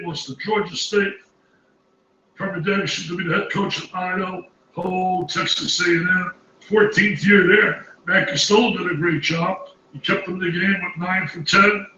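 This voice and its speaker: A man's voice: high voice, sharp tone, roomy sound, distant mic, slight background noise, low-quality recording. A man reacting as a college basketball analyst, exclaiming emphatically and repeating his phrases in disbelief. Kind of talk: excited studio reaction commentary.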